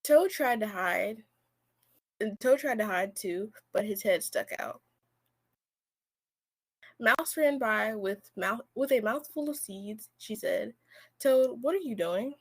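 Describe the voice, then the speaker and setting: A woman's voice: medium pitch, expressive, slow, long pauses, slightly rough. A teenage girl on a video call reading a picture book aloud, correcting slips as she goes. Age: teens. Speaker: student volunteer reader.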